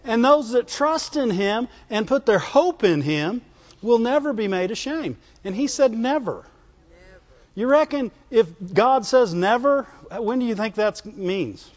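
A man with a strikingly high voice preaches a folksy sermon full of call and response, expressive and unhurried. Recorded in a church hall, the audio is muffled and dull, with reverb that lingers long after each line.

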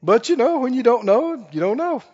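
A man preaching a sermon in an animated, conversational way to a church congregation. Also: very high-pitched, moderate pace, husky. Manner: animated, conversational, acts out quoted voices. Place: church hall. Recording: dull recording with long hall reverb.

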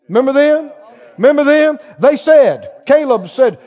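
A man's voice: very high voice, big pitch swings, moderate pace, darkish tone. A man preaching a sermon with emphasis, asking the crowd for replies. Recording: dull lo-fi sound in a reverberant hall.

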